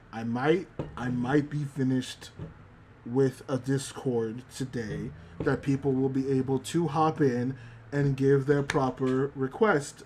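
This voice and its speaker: A man's voice: mid-range voice, slight background noise. A man casually recapping an anime on a livestream, acting out the characters' lines with lots of fillers. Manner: animated retelling, acts out quoted lines; many fillers, excited. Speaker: streamer.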